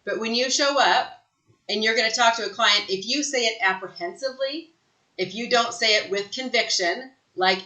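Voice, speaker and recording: A woman giving an energetic sales training talk, emphatic and fond of asking "right?" after her points. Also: on the high side, normal speed, echoey room, rough recording. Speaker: real estate sales trainer. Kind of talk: live online training talk.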